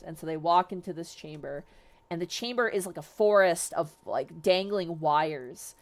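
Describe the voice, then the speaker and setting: A woman vtuber retelling a story in a casual, excitable, slangy way, chatting to her viewers. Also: lowish voice, moderate pace, faint music behind.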